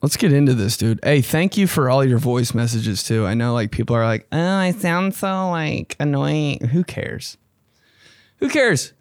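A man's voice: normal speed, dry recording. Young guy rambling on his podcast, swears a ton, voice swings all over, super dry close mic. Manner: excitable, swearing, slangy, jumps into high mocking voices when quoting. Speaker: podcast host. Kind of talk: casual podcast monologue.

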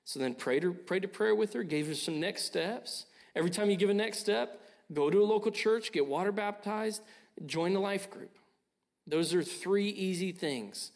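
A man's voice: high-pitched, normal speed. A young man preaching a sermon, earnest and urging, often repeating his phrases. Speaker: pastor.

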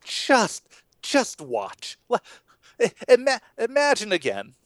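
A man, a pastor co-hosting a podcast, talking through a Bible passage in an animated way and acting out the people in it. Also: slow pace, no room sound. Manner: animated, acts out voices with big swings in pitch.

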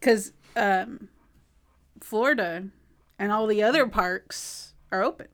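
Relaxed california woman chatting on a podcast, mid pitch. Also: slow pace. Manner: relaxed, laughs easily. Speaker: podcast co-host. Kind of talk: casual chat.

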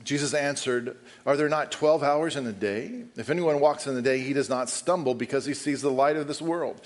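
Man reading scripture aloud, even-voiced. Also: mid-range voice, moderate pace. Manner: reads scripture steadily, then talks to the congregation and calls up a helper. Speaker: preacher.

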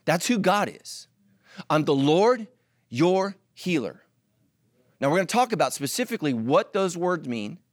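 A middle-aged man preaching a sermon with animated delivery and joking asides to the congregation. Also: fairly high pitch, no echo, clean studio sound. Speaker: pastor.

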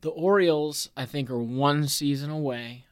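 A man's voice: a little high, moderate pace, smooth. A man hosting a casual sports podcast, talking in a playful, jokey way and hyped about his team. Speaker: podcast host.

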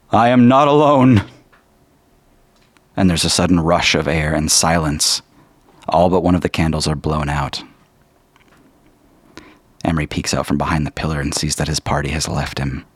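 A man narrating a tabletop game as game master in a measured, descriptive way, with a husky voice. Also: very deep voice, level tone, no echo.

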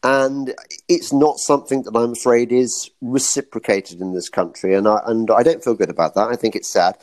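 A man from Britain talks as a guest in a casual chat. He rambles with halting restarts and a wry, ironic edge. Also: mid-range voice, fairly even intonation, a little mellow.

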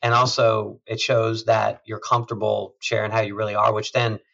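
A man, a chief executive, talking in a measured, thoughtful way in a conversational interview, often trailing off softly. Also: on the low side, flat delivery, vocal fry, lo-fi sound. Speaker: hospital system CEO, guest.

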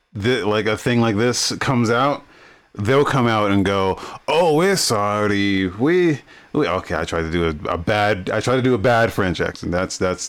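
Blunt, swearing man with a smooth low voice. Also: a bit bright. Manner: blunt, swears freely, gets heated. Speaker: podcast co-host. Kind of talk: casual podcast discussion.

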